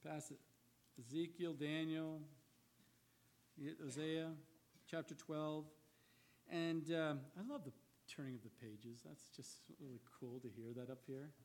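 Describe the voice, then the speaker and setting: A male pastor preaching a sermon in a church, telling the story dramatically and swinging between loud emphatic bursts and quiet low asides. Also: steady tone, a little slow, pauses often.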